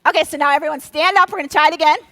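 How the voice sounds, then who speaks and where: A woman from Minnesota giving a lively motivational talk, coaching her audience and calling out to them. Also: sits high, very fast. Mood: shouting cues. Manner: energetic, coaxing, leads the crowd in call-and-response; drops to a hushed, soft voice for a quiet exercise. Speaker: speaker.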